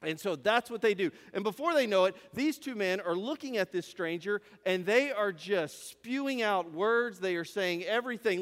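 A man's voice: high-pitched, big pitch swings, normal speed, fairly bright tone, long reverb tail. A man preaching a sermon, retelling a story with rhetorical questions and repeated phrases, in a church sanctuary.

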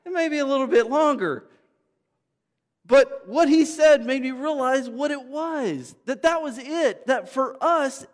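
A man's voice: extremely high pitch, unhurried. A man preaching a sermon to his congregation in a conversational, storytelling way, with asides to people in the room. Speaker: pastor. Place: church sanctuary. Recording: long reverb of a church hall.

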